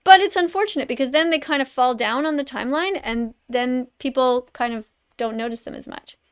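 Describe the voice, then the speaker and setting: A woman's voice: sits high, fairly quick, smooth. A woman in her fifties, a vegan activist, casually explaining her videos in a rambling, explanatory way. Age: 50s.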